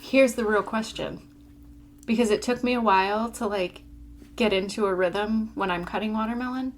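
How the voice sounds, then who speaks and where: A woman's voice: mid-range voice, normal speed, a little hiss or hum. A woman co-hosting a casual library podcast, chatty and laughing often as she leads with questions. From Florida. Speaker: podcast co-host. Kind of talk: casual chat.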